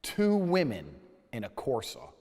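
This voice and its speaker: A man telling a story in a casual, animated way, swearing freely and acting out the dialogue. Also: fairly high pitch, measured pace, big-room sound. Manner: animated, profane, acts out dialogue.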